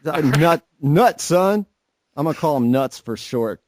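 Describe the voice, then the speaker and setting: A man's voice: a little high, animated, a little slow, a little mellow, no echo. A young man co-hosting a casual podcast, rambling and swearing, mocking people in put-on voices. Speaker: podcast co-host. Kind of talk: casual profane chat.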